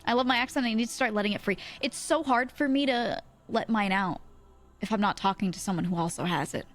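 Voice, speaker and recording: A woman's voice: a little high, fairly quick. A young woman, chatting casually with her stream audience and laughing often. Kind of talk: casual stream chat, reading chat messages.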